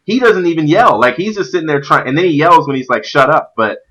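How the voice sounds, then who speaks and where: Bright-voiced man, rambling casual chat. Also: fairly high pitch, fast talker, low-quality recording. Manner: animated, rambling with many fillers. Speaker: stream host; youth pastor.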